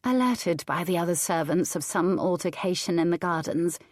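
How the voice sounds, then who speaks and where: A woman reads a historical romance audiobook as scripted narration, telling the story in a measured, even way. Her voice is on the low side, and the studio recording is clean with no room sound.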